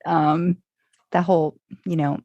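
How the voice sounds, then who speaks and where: A woman's voice: low voice, little pitch movement, slow pace, no echo, lo-fi sound. A woman co-hosting a podcast, chatting casually, laughing often and acting out what others said. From United States. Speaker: podcast co-host. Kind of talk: casual chat.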